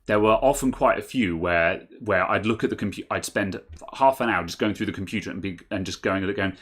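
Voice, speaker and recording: A man from England, once the owner of a computer shop, co-hosts a casual chat and tells rambling anecdotes from those days, switching to high, exaggerated voices when quoting people. He talks a little fast with few pauses, in a husky, fairly bright voice.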